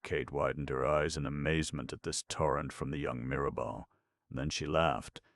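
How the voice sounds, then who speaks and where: A male narrator reads a classic novel aloud in a measured, unhurried manner. His voice is extremely deep, with a gravelly fry. The sound is close and dry, with no room around it. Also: steady tone, fairly bright tone, no echo. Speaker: audiobook narrator. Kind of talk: scripted audiobook narration.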